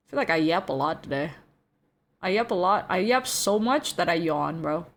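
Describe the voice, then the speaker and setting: A young adult woman streaming, chatting casually with her viewers in a relaxed, drawling way, often saying "bro" and yawning. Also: lowish voice, moderate pace. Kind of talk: casual chat with viewers, reading chat aloud.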